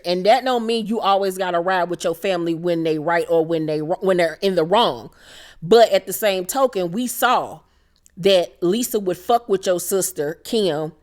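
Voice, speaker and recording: A young woman hosting a casual reality TV recap, blunt and emphatic, swearing freely. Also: lowish voice.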